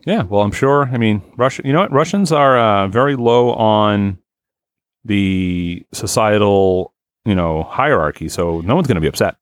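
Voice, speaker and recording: A man hosting a podcast, talking loosely and swearing freely as he rambles. His voice sits fairly low with a lively, swinging pitch. The sound is close and dry, with no room around it. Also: moderate pace, no echo. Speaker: podcast host. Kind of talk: casual chat.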